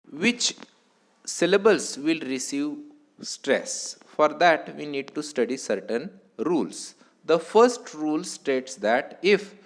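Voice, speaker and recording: A man with an Indian English accent giving a recorded lecture, explaining slowly and deliberately and repeating key points. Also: a little high. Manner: slow, deliberate teaching with repetitions.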